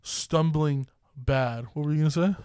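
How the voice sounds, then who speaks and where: A man's voice: a little high, moderate pace, darkish tone, clean tone, dry recording. A young man co-hosting a podcast, telling a bar story in casual, profane, laughing chat. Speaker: podcast co-host.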